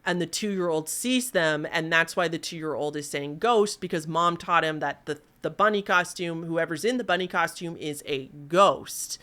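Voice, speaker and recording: Young woman, lowish voice, casual commentary, chatty and animated, talks straight to viewers. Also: moderate pace, hardly any pauses. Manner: mimics voices in quoted lines. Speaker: YouTube host. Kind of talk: casual commentary on viral videos.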